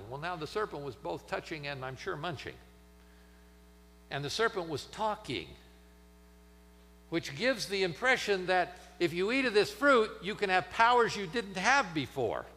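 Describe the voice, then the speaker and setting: A man preaching a sermon in a church, dramatic, swinging from loud emphasis to near-whispers. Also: high-pitched, big-room sound, slight background noise. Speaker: pastor. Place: church sanctuary.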